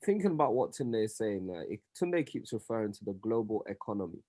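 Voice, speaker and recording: A man's voice: lowish voice, very animated, a little fast, dark tone. A man with a Nigerian-tinged London accent, a podcast co-host and business owner, reflecting in a casual group chat.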